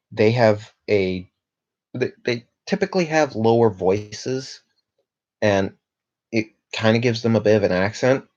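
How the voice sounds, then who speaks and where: A young Canadian man chats casually on a livestream, his lowish voice a little mellow over lo-fi sound. He rambles, reads viewer comments out loud, and fills his speech with lots of fillers.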